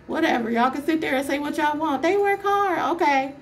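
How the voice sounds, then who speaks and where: A woman's voice: sits high, a little fast. Exasperated young woman ranting. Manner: exasperated, emphatic, fires off rhetorical questions. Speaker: vlogger. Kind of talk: casual storytime rant.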